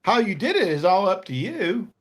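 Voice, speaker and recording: A man voicing a shifty male merchant boss who flatters and haggles in a tabletop game. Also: sits high, moderate pace, slight background noise. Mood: haggling. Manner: smooth-talking, haggling, calls everyone friends.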